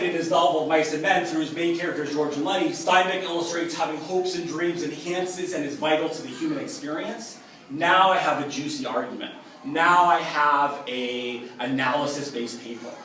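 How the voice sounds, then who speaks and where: A man's voice: on the high side, a bit bright, slight background noise. Man teaching from across an echoey room. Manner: upbeat, emphatic, contrasts weak and strong examples. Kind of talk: explanatory lecture. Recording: echoey room from a distance with faint ambience.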